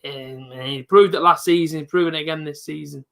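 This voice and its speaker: A young man hosting a live football reaction stream, chatting casually with viewers and breaking into excited shouts at big moments. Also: a little high, fairly quick, vocal fry. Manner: chatty, jumps to excited shouting at goals, reads out viewer comments.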